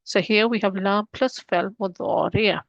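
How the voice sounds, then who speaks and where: A woman's voice: medium pitch, unhurried, gravelly, no room sound, muffled recording. Woman, grammar teacher, patient step-by-step explaining, dry close sound. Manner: explains steps patiently, mixing English with Arabic terms. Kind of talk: online grammar lesson.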